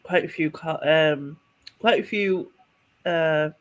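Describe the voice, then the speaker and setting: A woman's voice: sits low, slow. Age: 40s. Sex: woman. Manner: rambling storyteller. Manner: rambling, with restarts and small laughs. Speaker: podcast co-host. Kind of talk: casual storytelling chat.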